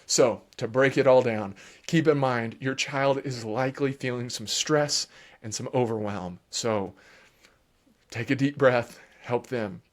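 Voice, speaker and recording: A man who is a children's therapist, giving parents advice in a calm, explanatory way that turns animated at times. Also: mid-range voice, a little slow.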